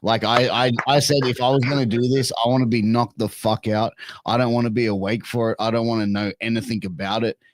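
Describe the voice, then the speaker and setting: A man's voice: medium pitch, steady tone, fairly quick, no room sound. An Australian man in his thirties, a podcast guest telling a crude, self-mocking story in casual chat, with lots of stammered restarts. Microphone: remote video call.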